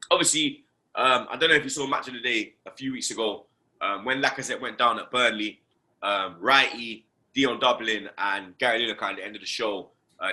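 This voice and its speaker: A brash man hosting a fan chat, his voice bright and forceful as he rants. He swears freely and keeps jabbing "you understand" and "blood" into each point, talking at a medium pitch. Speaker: host. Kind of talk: casual football fan rant.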